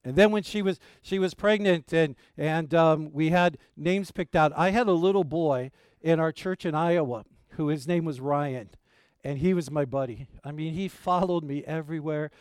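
A man's voice: fairly high pitch, normal speed, clean tone, no room sound, clean studio sound. A middle-aged male pastor preaching a sermon, telling family stories in a folksy, rambling way with many fillers.

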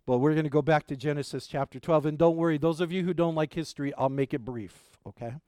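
Guy pastor telling a story in his sermon, kinda high voice, smooth and clear, dry close sound. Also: fast talker, no echo. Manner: animated storyteller, asks the congregation "okay?" and "right?".

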